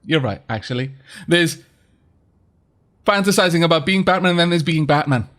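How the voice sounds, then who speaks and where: A man's voice: on the high side, moderate pace, long pauses, a bit bright. A man commentating his game stream, rambling and chuckling as he reads chat aloud. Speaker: gaming streamer.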